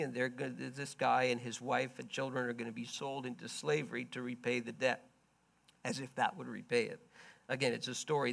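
A man preaching a sermon, retelling a story in plain words and swinging from quiet murmurs to loud, emphatic bursts. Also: mid-range voice, creaky. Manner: stops to explain in plain everyday words.

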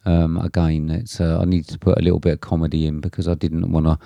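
A man co-hosting a podcast, talking in a relaxed, hesitant way with many fillers and restarts. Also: deep voice, fast, creaky, no room sound, lo-fi sound. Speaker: podcast co-host. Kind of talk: casual chat.

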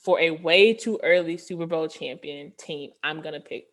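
A woman's voice: deep voice, normal speed. A woman co-hosting a podcast, talking sports in a casual, slangy and playful way. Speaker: podcast co-host.

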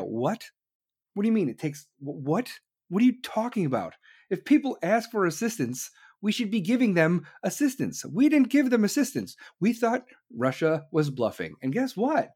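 Brief: man, slightly high-pitched, heated profane rant with loud outbursts. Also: sing-song, moderate pace, husky. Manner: heated, sarcastic, swearing, with sudden loud outbursts.

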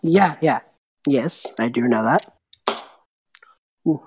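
A woman's voice: rumbling low, slow pace, noisy background. A woman running a tabletop game as game master, narrating loosely with laughs and fillers.

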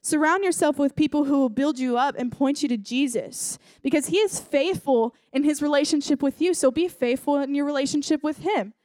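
A woman's voice: sits high, fairly quick, hardly any pauses, darkish tone, no echo. A young woman giving a casual sermon at a church service, telling a story and talking in a chatty way with many fillers.

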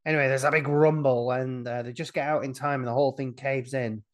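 A man's voice: mid-range voice, fairly even intonation, fairly quick. A man co-hosting a casual chat, retelling a film scene by scene in a rambling, jokey way, breaking into silly voices. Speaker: podcast co-host recapping a film.

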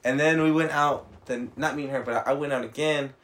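A man's voice: mid-range voice, steady tone, brisk, a bit bright. Rambling, profane young man. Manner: rambling, profane storytelling with filler words. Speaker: podcast co-host. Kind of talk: casual chat.

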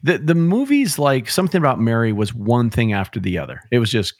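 A man's voice: medium pitch, sing-song, a little fast, a little mellow, no room sound. A middle-aged man chatting casually with a mid-range voice. He tells stories with enthusiasm, and the sound is dry and close with no room around it. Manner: enthusiastic storyteller, retells film scenes. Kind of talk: casual chat.

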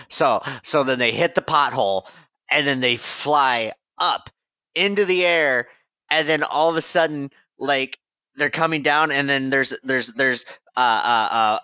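A man's voice: mid-range voice, pushed and bright, dry recording. A man co-hosting a comedy podcast, eagerly playing along with the improvised bit. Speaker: podcast co-host.

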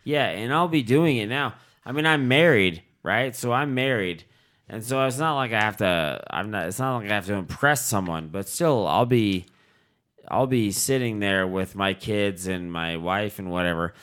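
A middle-aged man telling crude stories in casual comedic chat, rambling and deadpan, with mock-dismayed asides. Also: fairly low pitch, normal speed.

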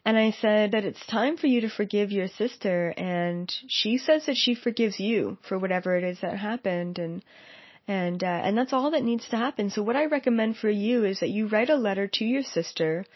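A psychic medium, a woman, tells a story in a casual way and acts out the quoted lines with lively energy. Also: mid-range voice, normal speed, slightly rough, no echo. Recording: dull, dry lo-fi recording.

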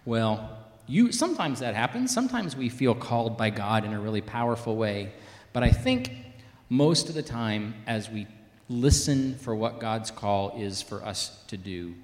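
A man from the American South with a Southern accent, giving a folksy, gentle children's sermon in a church. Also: on the low side. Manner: folksy and playful, shifting to soft and reflective. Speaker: pastor leading a children's sermon. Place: church sanctuary. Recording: echoey church with long reverb.

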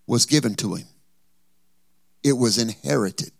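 Man, pastor, sermon, animated pitch, dry close sound. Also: a little slow, vocal fry, pauses often, no room sound. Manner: preaching with lively acted-out quotes and humor.

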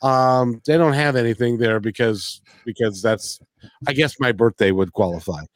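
A man's voice: mid-range voice, moderate pace, dry recording. A man who drives a bus, co-hosting a casual chat, rambling and joking through a rant. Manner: rambling, jokey, ranting. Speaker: podcast co-host, bus driver.

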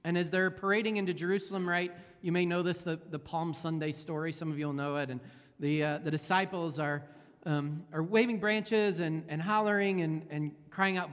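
Middle-aged dad pastor talking sermon style, kinda high voice, lots of restarts, echoey church. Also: male voice, fairly even intonation, normal speed, a bit bright. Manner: conversational, repeats words, many fillers and restarts. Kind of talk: sermon with prayer. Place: church sanctuary. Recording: long hall reverb.

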